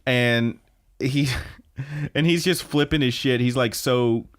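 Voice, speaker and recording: A young man co-hosting a podcast, recapping an anime with excitement, frequent laughter, swearing and filler words. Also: medium pitch, takes it slowly. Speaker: podcast co-host.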